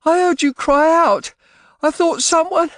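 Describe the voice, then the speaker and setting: A man voicing a distraught young servant woman with high, frantic cries, in an audiobook. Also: measured pace, a bit bright, no room sound, clean studio sound.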